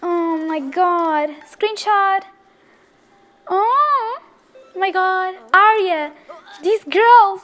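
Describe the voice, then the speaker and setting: A young woman of Korean native tongue, hosting a life-sim let's play with excitable, gushing commentary full of fillers. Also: extremely high pitch, drawn-out words. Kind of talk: casual gameplay commentary.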